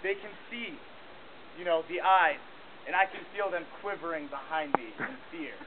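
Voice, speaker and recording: A man telling a mock-heroic tall tale for a contest, in a deadpan, boastful way. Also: high voice, moderate pace, a crowd in the background. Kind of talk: mock-heroic storytelling performance. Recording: tinny lo-fi camcorder audio with hiss.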